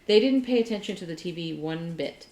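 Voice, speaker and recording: A woman co-hosting a casual chat, telling an animated story and laughing often. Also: fairly low pitch, fairly quick. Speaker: podcast co-host. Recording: roomy echo.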